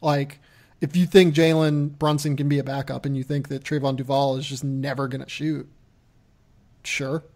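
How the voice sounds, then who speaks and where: A man's voice: mid-range voice, little pitch movement, normal speed, darkish tone. A man hosting a podcast, chatting casually and loosely about basketball draft prospects, laughing at himself. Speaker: podcast host.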